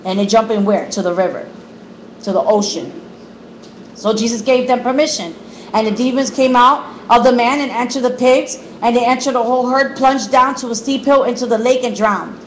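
Woman, higher voice, reads scripture and explains, phone mic, faint hiss. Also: moderate pace, poor audio. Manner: repetitive emphasis. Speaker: Bible study leader. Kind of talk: reading scripture aloud and commenting.

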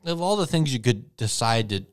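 Animated jokey male podcast co-host. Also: medium pitch, normal speed. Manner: animated, jokey, slips into silly voices. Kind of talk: casual comedic chat.

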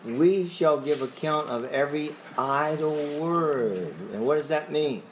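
A man teaching a Bible class in a fairly high voice. He talks conversationally, puts questions to the class and chuckles as he goes, with a faint hiss behind him. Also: unhurried.

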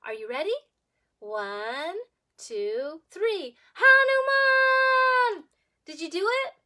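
A woman preschool teacher telling a story to young children, animated and sing-song, asking them questions as she goes. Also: fairly high pitch, takes it slowly. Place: home.

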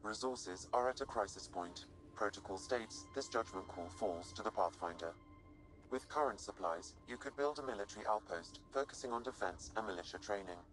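An actor playing a calm, formal AI assistant in a game, speaking matter-of-factly. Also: male voice, on the low side, moderate pace, soft background music, lightly acted, low-quality recording. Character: calm male AI ship assistant.

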